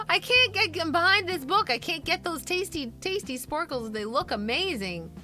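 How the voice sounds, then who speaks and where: Giggly high-voiced lady streamer gushing at chat, guitar music playing behind. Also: animated, moderate pace, few pauses, bright, forceful tone. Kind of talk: casual stream chat and book reading.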